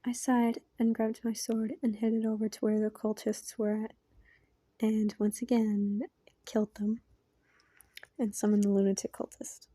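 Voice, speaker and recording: A woman reading a fan story aloud in a quiet, soft-spoken voice that often drops into a half-whisper. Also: mid-range voice, flat delivery, a little slow, dry recording. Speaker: fan fiction reader.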